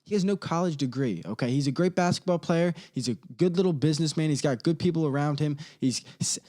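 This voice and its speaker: A man hosting a comedy podcast, ranting casually in slangy, rambling talk that swings between loud outbursts and low mutters. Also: fast. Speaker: podcast host.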